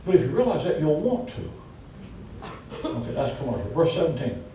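Folksy Southern preacher in a booming hall. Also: male voice, very animated, normal speed, warm tone. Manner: folksy, emphatic, joking asides. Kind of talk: conversational sermon. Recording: echoey hall from far off with faint rumble.

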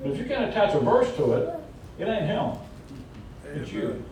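A Southern US preacher, a man with a slightly high but mellow voice, delivers a folksy, emphatic sermon with joking asides. He is picked up from a distance, so his words ring through a very echoey church hall. A faint rumble sits underneath. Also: big pitch swings, moderate pace. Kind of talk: conversational sermon.

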